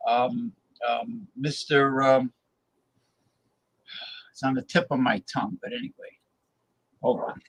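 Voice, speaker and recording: A man's voice: mid-range voice, very animated, slow pace, creaky, long pauses, fairly bright tone, breathy edge, poor audio. A man from New Jersey hosting a casual talk show, rambling and stalling on many fillers as he hunts for words. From New Jersey, USA. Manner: rambling, full of hesitant fillers. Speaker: host.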